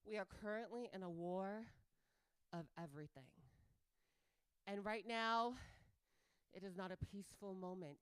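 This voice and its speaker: A woman's voice: mid-range voice, moderate pace, long pauses, clear, resonant tone, dry recording. A woman hosting a live event as a flamboyant drag performer, joking with the crowd and leading a guided breathing exercise. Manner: flamboyant, loud and playful with the crowd.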